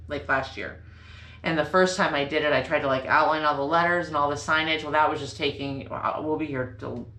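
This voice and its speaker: A woman's voice: low-pitched, fairly bright tone. A woman hosting a sewing vlog from her home sewing room, bubbly and rambling, often correcting herself. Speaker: sewing channel host. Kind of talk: casual chatty sewing vlog. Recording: echoey room with faint ambience.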